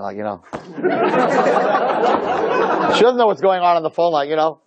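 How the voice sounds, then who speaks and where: A rabbi telling a personal story to an audience, with animated and emphatic delivery. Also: male voice, fairly high pitch, fairly quick, pauses often, no echo. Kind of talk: storytelling talk.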